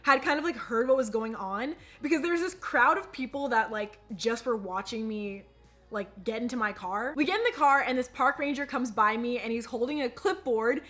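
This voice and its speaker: A young woman telling a storytime vlog to the camera, chatty and animated, talking straight to her viewers. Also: a little high, normal speed, faint music behind. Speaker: vlogger.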